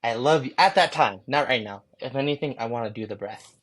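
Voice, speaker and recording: Speaking briskly at medium pitch, a male interview-show guest recounts his story with frank, profane candor. He dramatizes his own thoughts in energetic bursts.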